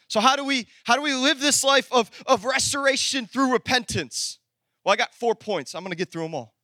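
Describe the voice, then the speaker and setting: Man, pastor, animated sermon, very high voice, dry close sound. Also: a little fast, no echo. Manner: animated preaching, swings from shouted emphasis to low asides; talks to the congregation directly, conversational.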